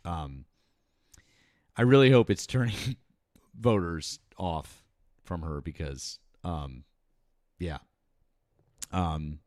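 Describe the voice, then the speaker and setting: A man's voice: sits low, dry recording, clean studio sound. A man co-hosting a casual political chat, blunt and full of swearing and hesitant fillers. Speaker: co-host.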